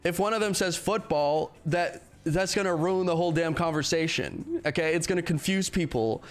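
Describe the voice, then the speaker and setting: A man's voice: fairly high pitch, normal speed. A man livestreaming, ranting casually with heavy profanity and a rambling delivery. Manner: profane, rambling, laughs mid-sentence. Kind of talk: casual ranting stream chat.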